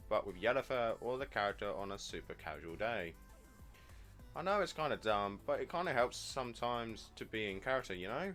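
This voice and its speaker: A man reading the lines of a shy, nerdy young woman in a dating game, softly and hesitantly. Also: mid-range voice, natural voice.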